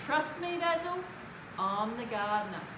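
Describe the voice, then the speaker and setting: A woman's voice: fairly high pitch, lively intonation, a little slow. Woman doing a patient, reassuring gardener. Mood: steady. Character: calm, reassuring male gardener. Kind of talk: children's story read-aloud. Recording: roomy hall with background noise.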